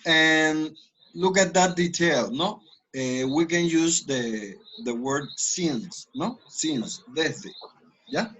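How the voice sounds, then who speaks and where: A man with a Spanish accent teaching English, explaining grammar and slowly modeling example sentences. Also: fairly high pitch, fairly bright tone, low-quality recording. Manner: switches between languages, slow deliberate model sentences. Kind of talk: online class, explaining grammar.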